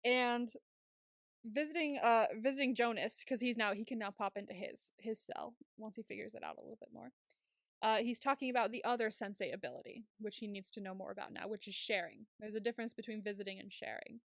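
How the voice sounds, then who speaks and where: A woman's voice: a little high, fairly quick, no room sound, clean studio sound. Chatty woman recapping a show. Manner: animated retelling with quoted lines. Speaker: podcast co-host. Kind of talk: casual recap chat.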